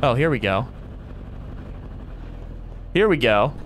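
Animated man narrating his horror gameplay. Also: mid-range voice, slow pace, a little hiss or hum. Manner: thinks aloud to himself, jumpy and excitable. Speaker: gaming streamer. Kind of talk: let's play commentary.

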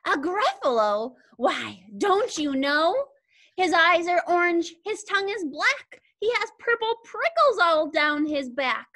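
A woman's voice: very high-pitched, big pitch swings, unhurried, sharp tone, exaggerated voice. A young woman voicing a small, clever, boastful mouse in a storybook read-aloud over a video call. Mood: confident.

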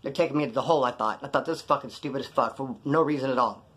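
Fast-talking, profane man spinning stories. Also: mid-range voice, fairly bright tone. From California. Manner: profane, rambling, acts out other people's lines. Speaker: storyteller recounting jail time. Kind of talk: casual storytelling.

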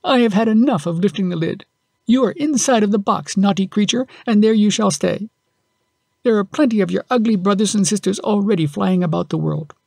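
A man's voice: sits high, a little fast, gravelly, a little mellow, no echo, studio quality, pitched above the performer's own voice. A man voicing a curious little girl who is tearful and pleading.

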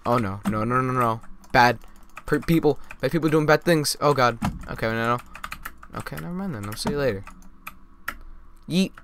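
A man giving jokey, mock-boastful live commentary while playing a game, with sudden loud outbursts. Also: medium pitch, moderate pace, slight background noise. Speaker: gaming YouTuber.

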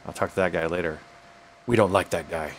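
Dude chatting through a game, jokey and laid back, faint hiss behind. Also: male voice, low-pitched, fairly quick. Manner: casual, jokey, thinking aloud. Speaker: game commentator. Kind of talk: let's play commentary.

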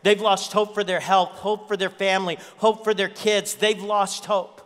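A man's voice: high-pitched, little pitch movement, normal speed, a bit bright, in a large hall. A man preaching a sermon as pastor, telling a story and repeating key lines for emphasis. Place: church.

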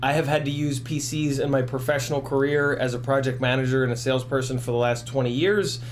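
A man's voice: medium pitch, steady tone, quick pace, slight background noise. A man in his forties, tipsy and rambling, hosting a casual livestream chat with profane rants and frequent laughter. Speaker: FPV drone livestream host.

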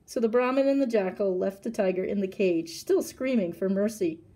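A woman with a medium-pitched voice reading a children's story aloud with lively expression. She sounds like a librarian at storytime, recorded in a library, walking kids through a simple craft. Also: normal speed.

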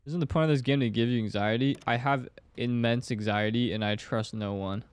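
A man's voice: mid-range voice, steady tone, brisk, clean tone. A young man gives jumpy commentary while playing a horror game, talking to himself and swearing now and then. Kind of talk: gameplay commentary.

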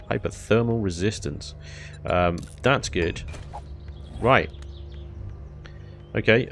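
A man's voice: mid-range voice, slight background noise. A man giving casual let's-play commentary, chatting along, exclaiming at finds and taunting enemies. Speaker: gaming YouTuber.

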